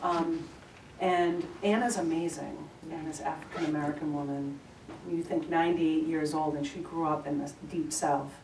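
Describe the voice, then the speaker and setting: Woman service leader, low-ish voice, earnest personal sharing, roomy and distant mic. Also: fairly even intonation, moderate pace, darkish tone. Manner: earnest storytelling, heartfelt. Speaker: service leader giving announcements. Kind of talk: personal sharing at a spiritual gathering. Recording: echoey room, from far off, faint noise.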